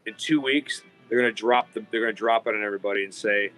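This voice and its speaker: A man's voice: lowish voice, fairly even intonation, fast talker, a bit bright, faint music behind, poor audio. A man hosting a podcast in casual chat, telling rambling stories with plenty of swearing. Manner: rambling, profane storytelling. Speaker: podcast host.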